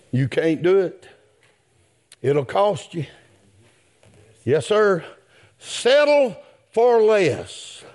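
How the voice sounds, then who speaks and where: A man preaching a sermon, addressing the congregation with "my friend" and "yes, sir" as refrains, and swelling into shouted peaks. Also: high voice.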